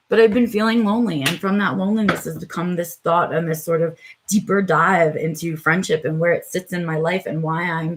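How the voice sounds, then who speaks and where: A middle-aged woman hosting a live stream, talking reflectively and hesitantly with viewers, with lots of filler words. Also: lowish voice. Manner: reflective, hesitant, many "um"s and "right?"s. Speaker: vlog host on a live stream.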